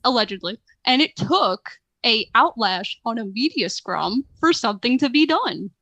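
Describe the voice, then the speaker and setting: A woman's voice: a little high, fairly bright tone, dry recording, rough recording. A young woman, a student, chatting casually on a wrestling podcast and telling stories. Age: young adult. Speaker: podcast co-host. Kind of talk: casual chat.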